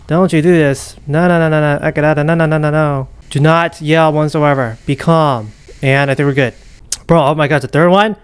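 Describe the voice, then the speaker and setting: A young man commentating a horror game as he plays, muttering, whispering and panicking with rapid repeats. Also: fairly high pitch, steady tone, clear, resonant tone, dry recording. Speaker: gaming YouTuber. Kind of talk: live gameplay commentary.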